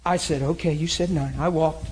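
A man in his forties, a preacher telling hunting stories in a lively, laughing sermon style. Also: fairly high pitch, moderate pace, slight background noise. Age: 40s. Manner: animated, laughing storyteller. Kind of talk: sermon storytelling.

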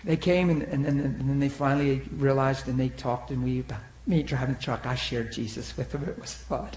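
Animated preacher man in an echoey room. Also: mid-range voice, fairly quick. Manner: animated, swings between loud and hushed. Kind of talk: sermon testimony storytelling. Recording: echoey room with faint noise.

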